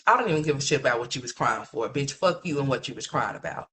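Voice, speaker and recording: A woman's voice: deep voice, animated, fairly quick, few pauses, fairly bright tone, a little hiss or hum. A woman hosting a livestream, ranting in a blunt, mocking, profane gossip commentary full of rhetorical questions.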